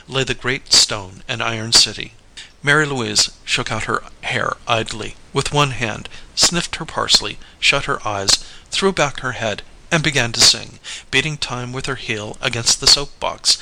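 Bright, gravelly-voiced male storyteller. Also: medium pitch, a little hiss or hum, rough recording. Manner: even, measured storytelling with light character voicing. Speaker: narrator. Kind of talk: audiobook narration.

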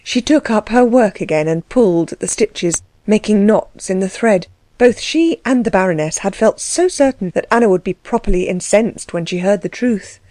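A woman narrating a novel as an audiobook reader in a measured, even storytelling manner. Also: medium pitch, no room sound. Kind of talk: scripted narration.

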